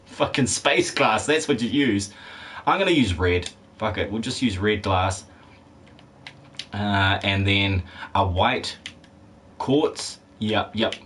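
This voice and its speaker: A man's voice: lowish voice, slow pace, long pauses, a bit bright, a little hiss or hum. A man streaming a video game who chats casually with his viewers, rambling, joking, swearing and laughing often. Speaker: game streamer reading chat. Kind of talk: casual live-stream chat.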